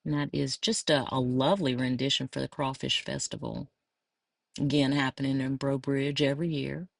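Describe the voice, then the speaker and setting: A middle-aged woman with a South Louisiana accent talks in a casual, meandering way, fond and chatty. Her voice sits low, and the recording is close and dry with no room sound. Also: steady tone, moderate pace, vocal fry, dry recording. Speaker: crafter. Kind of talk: casual craft flip-through.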